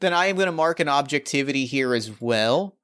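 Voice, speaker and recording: A man plays a tabletop game in chatty, enthusiastic bursts. His voice is smooth and resonant, at a middle pitch. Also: lively intonation, fairly quick, fairly bright tone. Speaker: player. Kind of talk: tabletop game play, casual.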